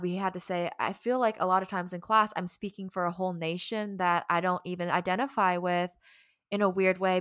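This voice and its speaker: A young woman with a Southern American drawl talks in an animated, chatty way, full of quick asides and laughter. Her voice is recorded close and dry, with no room sound. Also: medium pitch, smooth, no echo. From Southern United States. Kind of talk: casual conversation.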